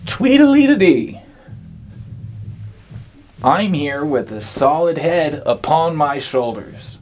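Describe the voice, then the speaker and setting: A man hosting an absurd comedy monologue, rambling and deadpan. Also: a little high, slow pace, slight background noise. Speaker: comedian host.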